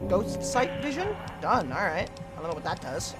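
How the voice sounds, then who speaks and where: A woman streams a video game and chats with her viewers as she plays. She talks casually and swears freely. Loud game music plays under her voice. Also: on the low side, very animated, normal speed. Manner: chatty, swears freely, talks to chat while playing.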